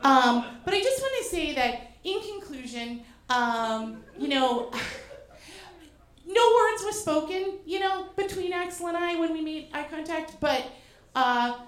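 Woman from Boston, high voice, animated, profane, self-mocking comic storytelling in a roomy, echoing venue. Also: slow pace. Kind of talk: comedic personal storytelling. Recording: roomy echo.

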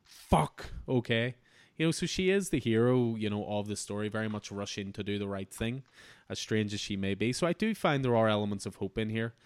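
A man's voice: fairly low pitch, animated, quick pace, clear, resonant tone, dry recording. A man hosting a comic book podcast, talking through an issue in an enthusiastic, rambling way with frequent restarts. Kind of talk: casual review chat.

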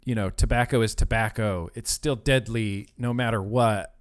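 This podcast co-host talks with fairly even intonation at a normal speed, his voice fairly low. He chats casually, rambling and restarting often amid lots of fillers.

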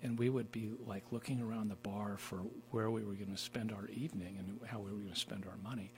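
A man hosting a casual conversation, playful and laughing a lot, talking in halting phrases. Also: lowish voice, steady tone, vocal fry, a little hiss or hum. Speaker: host.

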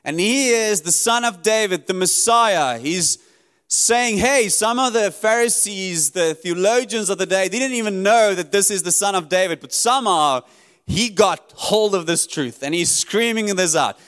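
A man preaching with a somewhat high, smooth and resonant voice. He speaks earnestly and emphatically, swinging from raised, urgent lines down to quiet ones. The sound rings with the long reverb of a church hall. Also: a little slow. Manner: earnest, emphatic preaching that rises and drops sharply. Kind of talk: sermon.

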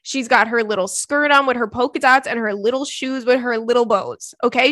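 A young woman hosting a podcast, chatting casually, ranting and laughing often, her voice swinging between loud and soft. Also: fairly high pitch, fairly quick, hardly any pauses, dry recording, studio quality. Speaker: podcast host. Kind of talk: casual chat.

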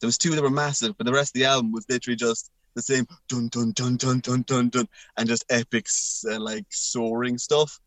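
A man chatting as a podcast guest, jokey and animated, firing off quick opinions. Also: medium pitch, no room sound. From Ireland. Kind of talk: casual chat.

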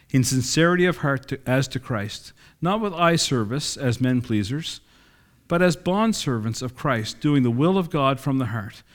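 A middle-aged man preaching a sermon in a conversational way, reading scripture and acting out quoted dialogue. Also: mid-range voice.

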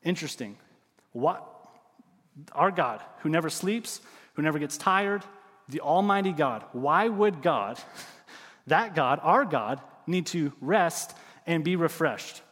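A middle-aged man preaching a sermon, telling stories with lively swings and dropping to quiet emphasis. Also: on the high side, slow, long pauses, long reverb tail. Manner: animated storytelling, drops to quiet emphasis. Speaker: pastor.

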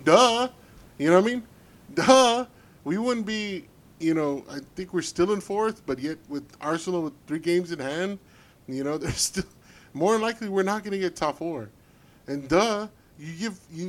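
A man co-hosting a casual football podcast, ranting bluntly and swearing freely about his team. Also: high-pitched. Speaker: podcast co-host.

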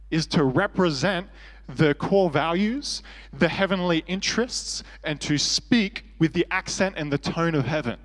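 A man's voice: a little high, big-room sound. An Australian man preaching a sermon as pastor, earnest and conversational with self-deprecating humor.

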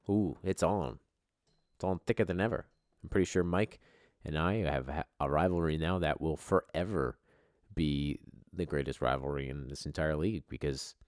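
A man hosting a podcast in casual, profane banter, excitable and swearing, with sudden jumps in volume. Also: sits low, no echo, studio quality. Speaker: podcast host.

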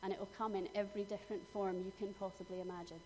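A woman's voice: mid-range voice, level tone, racing, mellow. Middle-aged female preacher, earnest storyteller with emphatic moments; reverberant hall. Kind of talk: sermon. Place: church hall. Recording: long hall reverb, faint noise.

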